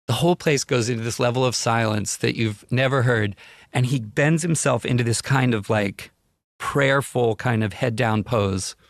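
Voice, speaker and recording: Gravelly man telling a wild story. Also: medium pitch, moderate pace, dry recording. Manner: animated, vivid storyteller who acts out other people. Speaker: guest. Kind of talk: storytelling anecdote on a podcast.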